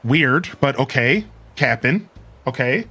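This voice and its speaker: A man's voice: medium pitch, lively intonation, slow pace, bright, forceful tone, husky, faint music behind. A man streaming a video game in casual chat, rambling and repeating a single word as he tests something. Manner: chatty, trails off, repeats a word over and over.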